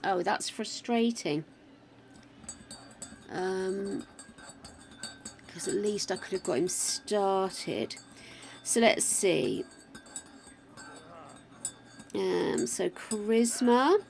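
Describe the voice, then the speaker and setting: An older woman with a faintly wobbly voice talks her way through a game on a live stream. She speaks slowly and in a middling pitch, thinking aloud and greeting her viewers by name. A faint hiss sits beneath her voice. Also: vocal fry. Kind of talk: casual live-stream chat while playing.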